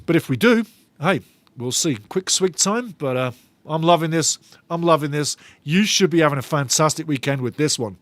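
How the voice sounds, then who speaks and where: A man's voice: fairly high pitch, animated, normal speed, fairly bright tone. A man with a slightly raised voice hosts a live football watch-along, reading viewers' comments aloud with eager enthusiasm. He tends to repeat his phrases. The sound is dry and close, with no room echo. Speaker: fan channel host.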